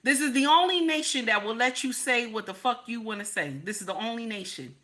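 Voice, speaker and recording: A woman's voice: a little high, fairly quick, sharp tone. An American woman hosting a live stream, ranting to viewers in a profane, emphatic way and repeating her points. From United States. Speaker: livestream host.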